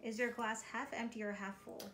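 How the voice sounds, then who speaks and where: A woman reading out interview questions in an upbeat, brisk way. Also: a little high, level tone, fairly bright tone, a little hiss or hum.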